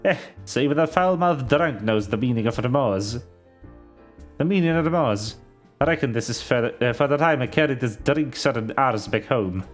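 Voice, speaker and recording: Hearty tavern keeper, read by a man in a rough attempt at a Scottish accent, lively and stumbling. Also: mid-range voice, normal speed, soft background music, voice pushed down, lightly acted. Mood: gruff. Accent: clumsy attempted Scottish accent.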